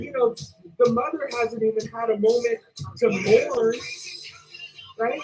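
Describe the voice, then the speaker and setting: A woman's voice: a little high, a little mellow, low-quality recording. A woman ranting in blunt, repetitive commentary, often asking "right?" and swearing casually. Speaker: commentary vlogger.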